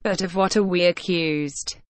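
A woman voicing an excitable, impatient male servant in an audiobook reading. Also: lowish voice, measured pace, dry recording, close to an everyday voice. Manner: impatient, exclaiming.

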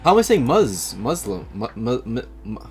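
A man streaming gameplay live, chatting with viewers in an animated, incredulous voice. His pitch swings widely as he thinks aloud, with faint music behind him. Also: normal speed. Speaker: gaming streamer. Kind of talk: live gameplay commentary and chat reading.

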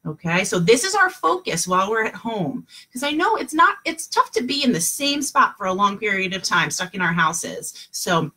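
Lively husky kindergarten teacher woman. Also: medium pitch, normal speed, few pauses. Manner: lively, sing-song teacher voice with playful put-on voices. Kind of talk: online morning class for young children. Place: home, online video call.

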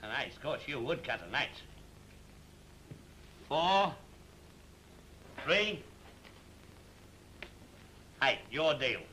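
An actor playing an excitable working-class man made king, chatty and bossy, full of slang, in a 1930s film comedy. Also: medium pitch, extremely slow, pauses often, a little hiss or hum, exaggerated voice, poor audio. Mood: boisterous.

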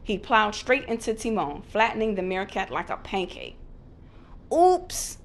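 A woman narrating a children's storybook aloud in an expressive, storytelling way. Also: mid-range voice, moderate pace.

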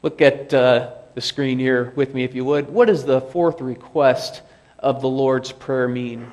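A man preaching a sermon as pastor, slow and deliberate, asking the congregation rhetorical questions. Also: mid-range voice, steady tone, darkish tone. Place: church sanctuary.

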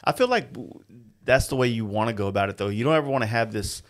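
A man hosting a podcast in casual chat, agreeable and relaxed, with lots of fillers. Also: mid-range voice, fast talker. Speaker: podcast host.

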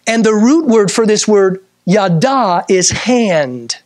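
A man's voice: sits high, animated, slow, a little mellow, no echo. A middle-aged man preaching a sermon as pastor, quoting scripture in old-style wording and rising to emphatic bursts. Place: church sanctuary.

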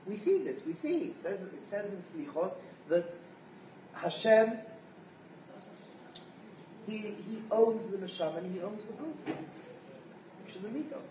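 A rabbi lectures with animated storytelling. He sounds distant in a roomy space, with a faint hiss beneath his voice. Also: high voice, a little slow, long pauses. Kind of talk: sermon-style lecture.

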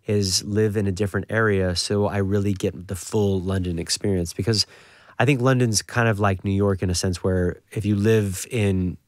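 A man, a singer and actor, talking casually as a radio guest, relaxed and chatty, often restarting his sentences. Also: lowish voice, moderate pace, dry recording, clean studio sound.

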